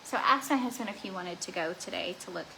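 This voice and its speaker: A woman's voice: lowish voice, fast talker, creaky, pushed and bright, slight background noise, rough recording. A young woman chatting casually while doing her makeup at home, rambling with lots of "like" and restarts. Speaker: beauty vlogger.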